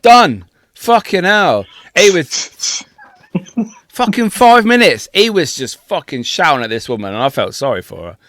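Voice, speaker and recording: A man co-hosting a podcast, telling a travel story in a sweary, laughing, animated way. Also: fairly high pitch, measured pace, no echo. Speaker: podcast co-host. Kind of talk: casual storytelling chat.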